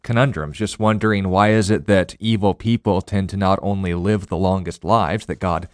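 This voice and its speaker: A man with a very low, deep voice, recorded dry and close with no room sound. He gives measured Bible teaching as a radio co-host, explaining and quoting scripture in a steady way. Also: no echo.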